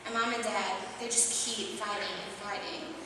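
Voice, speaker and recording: A woman's voice: mid-range voice, fairly even intonation, normal speed, lightly acted. A woman playing a tearful teen girl who rambles through her complaints and keeps asking why, in a church youth skit. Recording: echoey church hall, distant mic, noisy.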